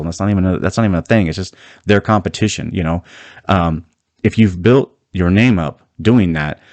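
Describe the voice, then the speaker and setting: A man's voice: low-pitched, no room sound. A man hosting his own video commentary, talking in a heated, emphatic way with frequent restarts. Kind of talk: opinionated solo commentary.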